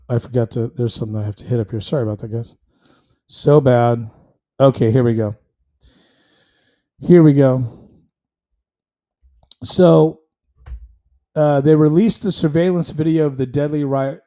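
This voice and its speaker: A man's voice: mid-range voice, measured pace, pauses often, warm tone. A man hosting his own commentary show, talking bluntly and heatedly, rambling with restarts and fillers. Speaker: show host. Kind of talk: casual commentary stream.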